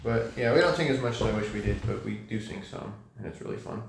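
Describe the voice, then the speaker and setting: A man's voice: fairly low pitch, vocal fry, a little hiss or hum. Hesitant young man in an echoey room. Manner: thoughtful, halting, many fillers and restarts. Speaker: guest. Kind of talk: casual conversation.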